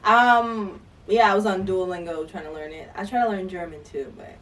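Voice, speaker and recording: A woman's voice: mid-range voice, moderate pace, a bit bright, recorded from a distance, slight background noise. A woman from Jamaica co-hosting a casual podcast, blunt and outspoken, swearing freely and laughing often. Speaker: podcast co-host.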